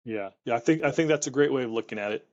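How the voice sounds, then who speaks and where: A man's voice: medium pitch, a little mellow, dull audio. A man who is a wildfire expert, recounting his experiences in an interview with frequent restarts and repeated words. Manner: halting, repeats words while thinking. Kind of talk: reflective interview storytelling.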